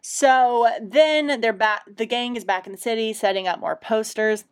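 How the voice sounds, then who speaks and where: A young woman chats through an episode recap as a podcast co-host. She swears freely and breaks into laughter often, telling scenes at a brisk clip. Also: a little high, clean tone. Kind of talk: casual recap chat.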